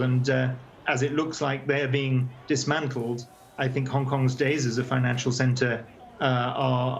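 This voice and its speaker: Man, advocacy chair, remote news interview over a video call; measured and earnest, mid pitch, frequent hesitations. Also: a little hiss or hum.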